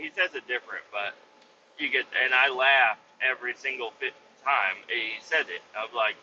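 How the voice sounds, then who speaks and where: A man's voice: mid-range voice, moderate pace, sharp tone, a little hiss or hum. A man hosting a comedy podcast, rambling through a crude, profane monologue. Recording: slightly muffled lo-fi recording.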